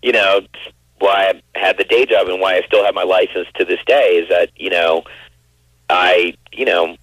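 A man's voice: low-pitched, steady tone, normal speed, fairly bright tone, husky, no echo, rough recording. A man in his forties, a guest actor, chatting in an interview with many restarts and fillers. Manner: rambling, full of restarts and you-knows. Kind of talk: casual interview chat.

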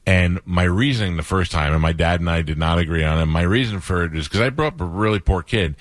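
A man from New York hosts a radio interview in a very deep voice, chiming in with quick reactions and joking asides. His sound is dead dry, with no room around it. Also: dry recording. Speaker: radio show host. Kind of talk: casual interview chat.

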